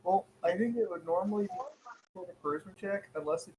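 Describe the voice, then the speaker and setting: A man player at a tabletop game, chatty and quick to laugh, weighing in on rules. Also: high voice, crowd noise. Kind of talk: casual tabletop play.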